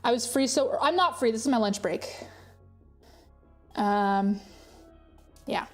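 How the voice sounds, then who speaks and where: A woman's voice: on the high side, slow, soft background music. A woman streaming live, chatting casually with her viewers and reading their messages aloud. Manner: chatty, laughing, reads chat aloud. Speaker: virtual streamer.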